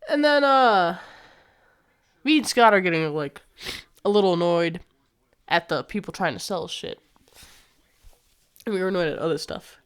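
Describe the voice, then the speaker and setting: A young woman telling a casual storytime vlog, animated and slangy, swearing freely and acting out what people said. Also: lowish voice, normal speed, long pauses, clear, resonant tone.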